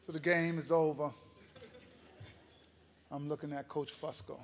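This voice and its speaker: A man giving a keynote speech, telling a story in an impassioned, animated way. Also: fairly high pitch, a little slow, big-room sound. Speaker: keynote speaker.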